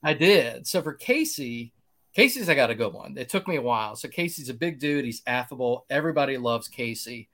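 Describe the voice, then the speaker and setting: A man's voice: mid-range voice, lively intonation, fairly quick, sharp tone. A man co-hosting a podcast in casual chat, joking and laughing often. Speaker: podcast co-host.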